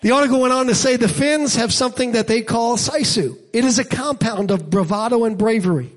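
A man preaching a sermon, with rhythmic repetition building to loud, dramatic peaks. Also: very high-pitched, brisk. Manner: preaching with dramatic acted-out scenes and shouted peaks. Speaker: pastor.

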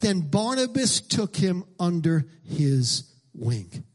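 A middle-aged man preaching a sermon as pastor, emphatic and repetitive, rising into shouted lines. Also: high-pitched, very animated, slow.

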